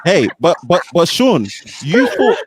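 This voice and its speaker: A man's voice: sits high, big pitch swings, unhurried. A man joining a livestream as a guest debater, hyped and teasing his friends. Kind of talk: casual livestream chat. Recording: loud crowd noise behind.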